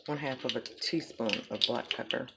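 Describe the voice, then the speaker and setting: Deep-voiced woman cooking at home. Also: steady tone, moderate pace, gravelly, noisy background. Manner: chatty, folksy, talks to viewers as y'all. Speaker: home cook. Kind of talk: casual cooking tutorial. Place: home kitchen.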